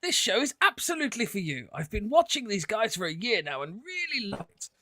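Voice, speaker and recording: A podcast host hamming up a posh English gentleman with a high, plummy voice that carries a lot of exaggerated upper-class polish. Every word is drawn out with mock refinement, like a toff reading fan mail aloud. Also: wildly swooping pitch, brisk, dry recording, exaggerated voice. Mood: plummy praise. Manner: plummy, exaggerated and raised in pitch.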